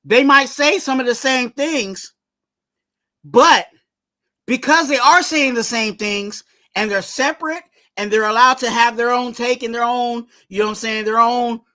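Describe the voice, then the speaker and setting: A man's voice: very high-pitched, measured pace, sharp tone. A man hosting a fan channel, giving casual sports commentary in a rambling way and urging viewers to subscribe.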